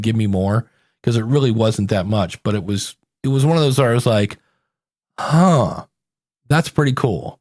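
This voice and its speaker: Middle-aged podcast host telling stories. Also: male voice, medium pitch, darkish tone, no room sound, studio quality. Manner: storytelling, acts out quotes with playful voices. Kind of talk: casual podcast chat.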